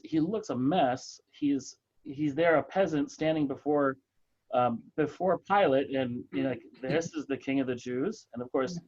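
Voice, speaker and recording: A man leading a church book group discussion, thoughtful and halting, with many fillers and restarts. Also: mid-range voice, a little mellow, slightly rough, highs cut off.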